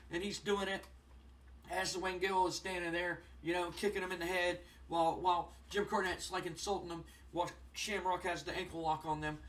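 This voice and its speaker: Young guy rambling thru his wrestling sim, bright voice, kinda far from the mic. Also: sits high, normal speed, slight background noise. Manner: excitable, rambling, many fillers. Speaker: gaming channel host. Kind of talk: casual let's-play commentary.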